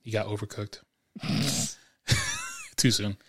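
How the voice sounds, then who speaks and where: A man co-hosting a podcast from home, telling stories in a rambling casual chat, often restarting his sentences and clearing his throat. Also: on the low side, fairly even intonation, slow pace, a bit bright. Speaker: podcast co-host.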